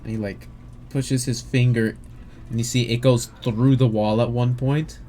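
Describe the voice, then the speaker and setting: A man narrating as game master in a relaxed, halting way. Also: medium pitch. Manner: relaxed, hesitant with fillers.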